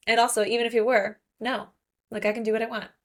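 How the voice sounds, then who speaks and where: A woman doing a defiant young princess who has had enough. She talks back quickly and sassily, brushing off every order. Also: fairly high pitch, little pitch movement, close to an everyday voice. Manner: sassy, rapid retorts. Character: defiant young princess standing her ground.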